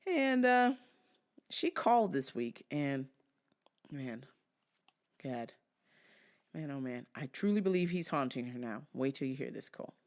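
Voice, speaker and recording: Animated, profane woman telling stories. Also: extremely low pitch, a little slow, long pauses. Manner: animated, profane, laughs often. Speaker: podcast host. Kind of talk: comedic storytelling.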